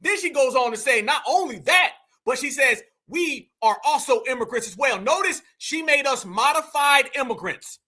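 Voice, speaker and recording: A man's voice: very high voice, expressive, moderate pace, few pauses, sharp tone. A man hosting a heated political commentary stream, emphatic and repetitive, constantly calling out to his audience. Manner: emphatic, repeats points, keeps addressing the audience as fam and y'all. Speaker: commentary channel host.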